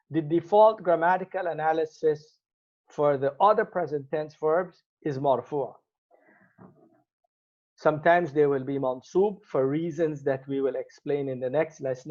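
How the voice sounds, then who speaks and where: A man's voice: medium pitch, darkish tone. A man teaching an Arabic grammar lesson, explaining step by step and repeating each Arabic word as he goes. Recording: slightly muffled lo-fi recording.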